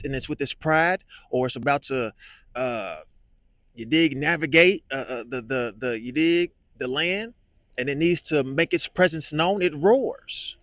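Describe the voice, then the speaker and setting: Man, vlogger, thinking aloud, stop-start delivery with restarts, somewhat high pitch, dry close sound. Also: fairly bright tone, no room sound. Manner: musing, halting, repeats words with many fillers. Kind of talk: reflective monologue.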